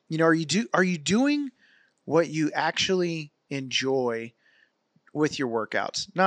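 Fairly high in pitch and recorded without echo, a man casually vlogs about his workouts. The story runs long, lively and meandering, full of fillers and restarts.

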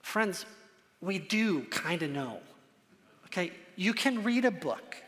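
A man's voice: sits high, sing-song, slow pace, fairly bright tone, in a large hall. A man preaching a sermon to his congregation, earnest and emphatic, repeating phrases for stress. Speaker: pastor.

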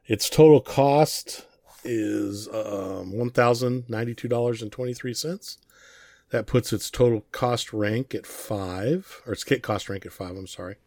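A man's voice: mid-range voice, measured pace, darkish tone, no echo, clean studio sound. A man on a casual hobby podcast, reading a list aloud and stumbling with self-mocking apologies. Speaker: podcast co-host.

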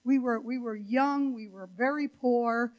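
An older woman, a guest preacher, delivers a sermon in a church sanctuary in a slightly high, darkish voice at a somewhat slow pace. She's chatty and digressive, full of fillers and asides, and the audio is dull.

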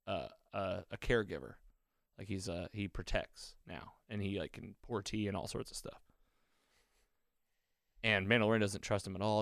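A man with a fairly low voice recaps a show in casual podcast chat. He tells it eagerly, dropping into quick bits of the characters' lines. The sound is dry and close. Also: no room sound. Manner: excited retelling with acted-out quotes. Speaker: podcast host.

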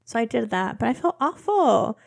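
A young woman co-hosting a podcast, chatting quickly with lots of "like" before moving into true crime narration. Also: on the high side, very animated, creaky. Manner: quick, chatty, says "like" a lot. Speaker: podcast co-host.

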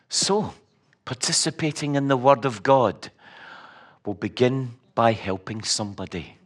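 A middle-aged Scottish man delivers a sermon at an unhurried, deliberate pace. He mixes personal stories with wry humor and repeats key words for emphasis. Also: medium pitch, expressive. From Scotland. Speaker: preacher.

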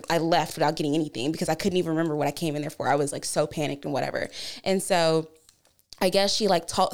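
A woman's voice: fairly low pitch, clean tone. A woman in her twenties, a podcast co-host who tells a meandering story casually, with lots of fillers and some swearing.

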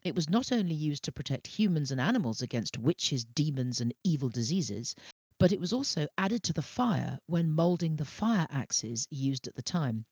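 Lively-voiced middle-aged woman host. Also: low-pitched, normal speed, breathy edge, no echo, muffled recording. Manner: enthusiastic, reads facts aloud. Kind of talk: casual podcast chat.

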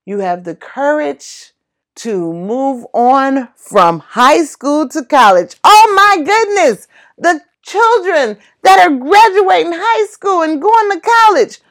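A woman's voice: high voice, expressive, slow, fairly bright tone. A woman giving a heartfelt motivational talk, encouraging and exclamatory. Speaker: motivational speaker.

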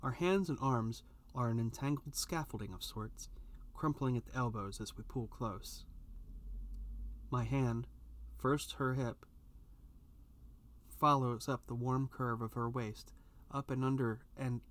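A man reading a first-person story aloud, with an expressive delivery that rises at tense moments. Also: medium pitch, unhurried, pauses often. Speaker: narrator.

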